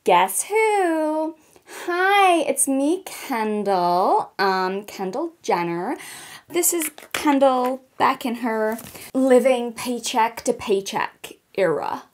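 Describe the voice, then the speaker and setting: A woman's voice: on the high side, expressive, takes it slowly. Put-on American accent, woman playing a self-pitying rich young model, drawling and airy. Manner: airy, drawling, full of likes and ums.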